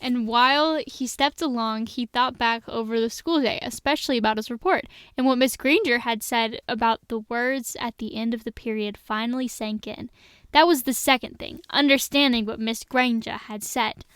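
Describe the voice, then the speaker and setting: A woman co-host reading a children's novel aloud in a giggly, excitable way. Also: on the high side, moderate pace, smooth, no echo, studio quality. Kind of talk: casual audiobook reading.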